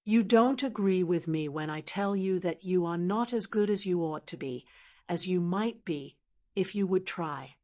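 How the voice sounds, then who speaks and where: A text-to-speech woman's voice reading the lines of a cheerful, earnest young woman in a storybook, in an even, measured way. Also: lowish voice. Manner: even, measured synthetic delivery.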